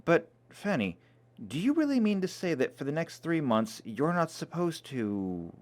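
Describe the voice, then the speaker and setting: A man's voice: a little high, big pitch swings, unhurried, pitched above the performer's own voice. A man reading aloud, voicing a defiant, slightly sulky young woman.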